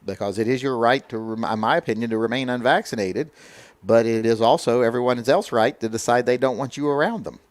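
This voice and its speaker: A man hosting a livestream, chatting casually and answering comments in a blunt, lecturing tone. His voice sits at an ordinary middle pitch. The sound is dry and close, with no room echo. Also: fairly quick. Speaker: livestream host. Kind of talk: casual livestream chat, reading viewer comments.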